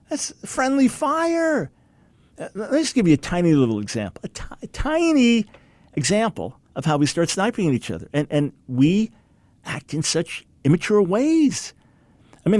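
A middle-aged man preaches on a broadcast in a conversational, story-driven way, acting out the voices of the people he quotes. His voice sits a little high and swings widely in pitch. The sound is dry and close. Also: dry recording. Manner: animated storytelling, acts out quoted people with big pitch jumps.

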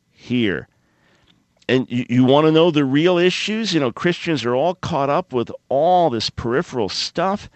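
A man's voice: medium pitch, no room sound. Guy running a call-in radio show, dry close mic, gets sarcastic. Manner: sarcastic, animated commentary. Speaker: radio talk show host.

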